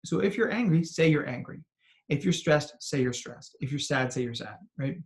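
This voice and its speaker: A man, a psychologist, giving an animated talk to parents and educators, telling stories and asking questions. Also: a little high, moderate pace. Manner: animated storytelling with acted quotes and asides. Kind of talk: expressive talk to an audience.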